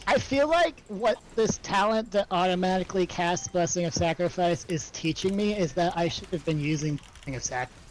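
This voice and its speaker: A co-player chatting casually during a game in a dry, deadpan way, sometimes muttering. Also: mid-range voice, a little fast, slight background noise. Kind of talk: casual chat while gaming.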